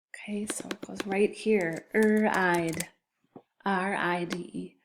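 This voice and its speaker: A woman teacher giving a recorded spelling lesson to children, patiently sounding out letters and syllables. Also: mid-range voice.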